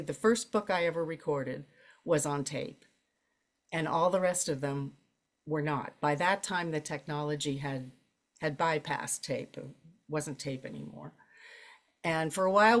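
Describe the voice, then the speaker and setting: An older woman who narrates audiobooks, telling her stories in a relaxed conversational way, laughing often and jumping high in pitch for emphasis. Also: a little slow. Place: library event, interview setting.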